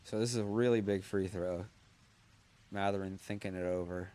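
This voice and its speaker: A man's voice: low voice, fairly even intonation, moderate pace, warm tone. A man hosting a comedy watchalong, calling the game in a jokey sportscaster style with casual swearing. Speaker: comedy podcast host. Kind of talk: mock play-by-play commentary.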